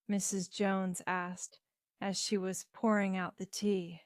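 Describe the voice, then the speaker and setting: Woman, story narrator, slow careful reading, mid pitch, dry sound. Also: flat delivery, no room sound. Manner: slow, clear reading for learners. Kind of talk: graded reader story narration.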